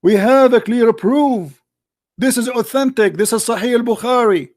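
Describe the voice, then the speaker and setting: Brief: male debate host, high voice, hoarse, aggressive and interrupting. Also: moderate pace, darkish tone, no room sound, clean studio sound. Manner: combative, interrupting, insulting caller. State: voice getting hoarse. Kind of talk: heated live call-in debate.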